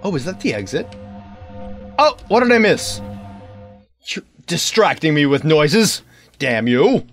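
Male let's-play host, unhurried and animated, silly banter with sudden yelps. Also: a little high. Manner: excitable, talks to the game's keys and locks. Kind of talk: playing a horror maze game. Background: game music.

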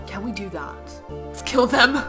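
A woman as a haughty young boy earl in cosplay role-play over a game. The voice sits a little high and swings widely, bossy and dry with sudden laughing shouts. Game music plays clearly behind. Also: lively intonation, a little slow. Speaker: gaming channel host.

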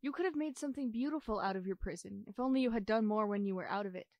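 A woman's voice: mid-range voice, fast talker, dry recording, natural voice. A woman doing a wistful, probing inner voice. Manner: questioning, shifting between soft and pressing. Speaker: stage actor. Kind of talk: experimental theater monologue.

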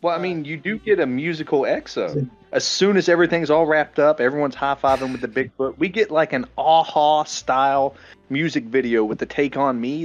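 A man co-hosting a laid-back movie podcast, telling the story with animated, profane energy. His audio sounds a little muffled and dull, with soft music playing faintly underneath. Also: on the high side. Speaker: podcast co-host. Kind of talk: casual movie-review chat over beer.

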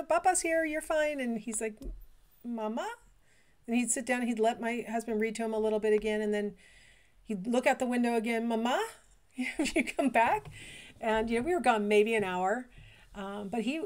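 A middle-aged woman giving a recorded college lecture in a conversational, explanatory way, with frequent fillers. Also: on the high side.

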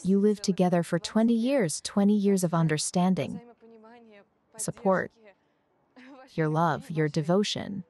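An actress dubbing a young adult daughter, emphatic and repetitive, in a drama voice-over. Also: female voice, lowish voice, a little slow, pauses often, mellow. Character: young adult daughter, heartfelt then furious.

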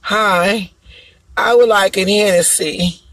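A man's voice: high voice, fairly even intonation, slow, fairly bright tone, no echo, voice pushed up, exaggerated voice. A man putting on the voice of a prissy young woman ordering a drink at a bar, in a dainty sing-song manner.

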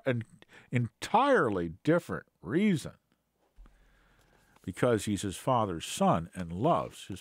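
Lively-pitched man teaching with scorn. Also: no echo, clean studio sound. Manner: hesitant, many fillers and restarts, rising to scornful emphasis. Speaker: Bible teacher. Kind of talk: unscripted teaching commentary.

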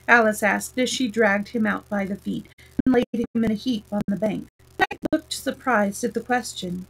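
A woman narrating a children's storybook aloud in a gentle, steady manner. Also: mid-range voice, moderate pace, gravelly, a little hiss or hum, rough recording.

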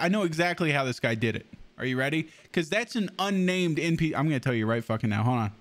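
A young man casually commenting on his gameplay as a streamer, excitable and swearing often. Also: fairly high pitch, fast talker, hardly any pauses.

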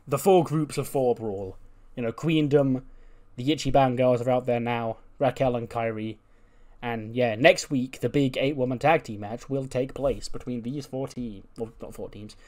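A man casually recapping a wrestling simulation game, chatty and amused, often laughing and quickly retelling scenes. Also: medium pitch. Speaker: video game let's player. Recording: faint background music.

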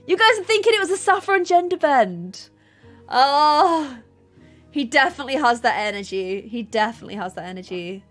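A woman's voice: sits high, animated, normal speed, fairly bright tone. A young woman streaming a life-sim game, chatting casually and reacting to her chat. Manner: chatty, bubbly, reads chat aloud. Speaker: gaming streamer. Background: faint game music.

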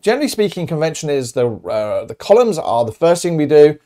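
A man's voice: fairly high pitch, sing-song, brisk, dark tone. A middle-aged man teaching a recorded maths lesson in a chatty, upbeat and encouraging way, talking straight to his students.

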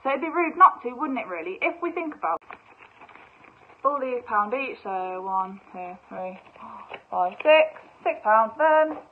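A young woman, bubbly and excitable, chatting casually through a shopping haul with lots of fillers. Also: medium pitch, unhurried, long pauses, slight background noise. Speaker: vlogger. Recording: tinny phone-like sound.

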